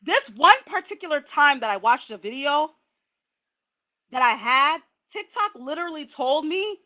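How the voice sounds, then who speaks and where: A woman hosting a casual livestream, chatty and animated, talking straight to her viewers. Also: high voice, moderate pace, highs cut off. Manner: chatty, animated, laughing asides. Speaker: livestream host.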